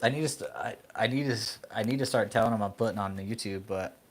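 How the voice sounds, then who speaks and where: A man's voice: on the low side, fast, slight background noise. A man hosting his own channel, ranting casually, swearing often and laughing a lot between rambling remarks. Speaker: channel host. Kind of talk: casual vlog rant.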